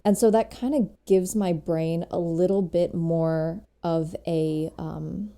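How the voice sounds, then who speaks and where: Give me a candid, low-voiced woman co-hosting a casual podcast. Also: steady tone, takes it slowly, dark tone. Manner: candid, self-reflective, laughs at herself. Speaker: podcast co-host, color guard director. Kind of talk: casual chat.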